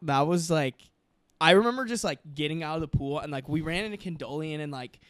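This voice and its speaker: A young man trades laid-back, slangy banter, cursing easily. His voice sits a little higher than most men's, recorded dry and close with no room sound. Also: a little fast, a bit bright, clean tone, dry recording. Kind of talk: casual chat.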